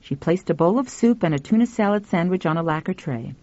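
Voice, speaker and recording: Woman narrating a story, lively pitch. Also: a little fast, dry recording. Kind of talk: audiobook story reading. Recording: dull, dry lo-fi recording.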